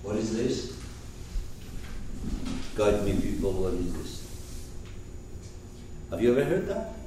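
Animated man lecturing in an echoey room. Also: on the low side, slow pace, background noise. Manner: animated, swings from loud to hushed, acts out quotes. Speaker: teacher. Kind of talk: expressive lecture on a poem. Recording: echoey room, far from the mic.

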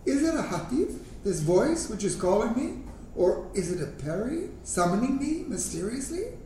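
A man's voice: very high voice, big pitch swings, normal speed, dark tone, slight background noise, pitched above the performer's own voice. A man reading the lines of a puzzled, spooked male porter with a light questioning lift. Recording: echoey room, mic far off.

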